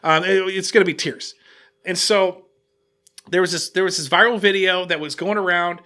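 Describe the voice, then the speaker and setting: A man hosting a casual podcast, telling an animated story and restarting his sentences often. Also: high-pitched, normal speed. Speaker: podcast host.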